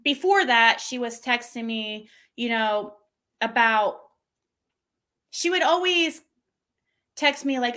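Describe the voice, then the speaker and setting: Exasperated high-voiced woman venting. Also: expressive, slow pace, pauses often, sharp tone. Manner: venting, exasperated, mocks quoted texts in a shrill voice. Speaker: channel host. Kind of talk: casual livestream rant.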